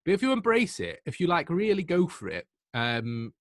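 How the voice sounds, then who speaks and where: A man's voice: high voice, moderate pace, no echo, clean studio sound. Young Mancunian man telling stories. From Manchester, England. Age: 20s. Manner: lively, self-deprecating storyteller. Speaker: podcast guest. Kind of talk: casual anecdotal storytelling.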